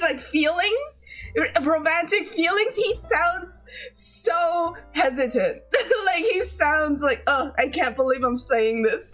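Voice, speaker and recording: Streamer: high, lively woman, giggly and gushing, swears, talks slowly with restarts. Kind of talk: casual chat with viewers.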